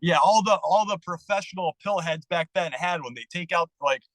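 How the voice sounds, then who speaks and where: A man telling his story as a podcast guest in a candid, profane, animated way. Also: high-pitched, moderate pace, dry recording, rough recording. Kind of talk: casual storytelling interview.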